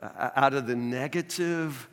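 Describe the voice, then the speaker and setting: A man preaching a sermon as a pastor in a conversational, animated way, recorded in a church sanctuary. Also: mid-range voice, measured pace. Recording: long reverb of a large church hall.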